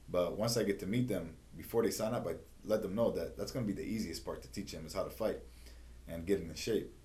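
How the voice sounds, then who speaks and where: A middle-aged man with a low, deep voice talking about his life as a martial arts coach. He tells stories with animated energy and keeps checking in with "you know what I mean". The tone is casual and conversational. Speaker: jiu-jitsu instructor and gym owner. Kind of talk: casual interview talk.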